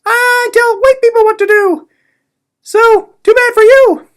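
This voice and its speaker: A gloating, power-mad male college president, as a woman narrator puts him on sneers through his lines in a pitched-up, mocking voice. He boasts and brushes off threats. The pitch stays high and sharp. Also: fairly even intonation, unhurried.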